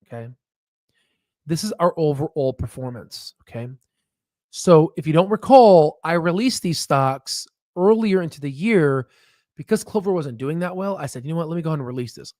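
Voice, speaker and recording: A man hosting a stock market livestream, talking in excited bursts, laughing often and checking in with "right?". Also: on the high side, normal speed, no room sound, studio quality. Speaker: stock market channel host. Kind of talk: excited casual livestream commentary.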